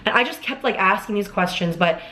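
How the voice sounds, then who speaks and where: A woman's voice: mid-range voice, animated, a little fast, pushed and bright. A woman in her twenties telling a personal story to camera as a vlogger, rambling with lots of fillers and restarts. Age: 20s. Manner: rambling, filler-heavy, self-dramatizing. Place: Los Angeles.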